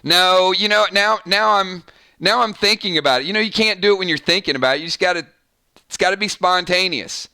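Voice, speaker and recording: A man's voice: high-pitched, a little fast, gravelly, bright, forceful tone, clear, resonant tone. A man hosting a live stream, chatting casually and thanking viewers by name, often stumbling and restarting his sentences. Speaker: live-stream show host.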